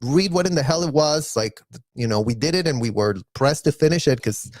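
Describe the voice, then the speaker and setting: A man giving casual, blunt reaction commentary, animated and mocking, with mild profanity. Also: fairly high pitch, a little fast, no echo, studio quality. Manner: animated, mocking, mimics others in exaggerated voices. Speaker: live reaction streamer.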